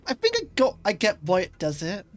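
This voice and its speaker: A woman's voice: medium pitch, huge pitch swings, brisk. A woman streamer chatting casually as she plays, rambling a little with fillers. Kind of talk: casual gaming stream commentary.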